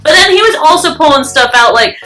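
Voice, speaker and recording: Bright-voiced chatty young woman vlogger. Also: sits high, lively intonation, brisk, faint music behind. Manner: chatty, breaks into snatches of song. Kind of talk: casual chat to camera.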